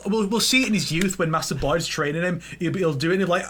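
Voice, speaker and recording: Male podcast co-host, bright and somewhat high voice, rambling and playful, faint hiss behind. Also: lively intonation, quick pace, few pauses. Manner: rambling, acts out silly movie scenes in goofy voices. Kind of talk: casual gaming podcast chat.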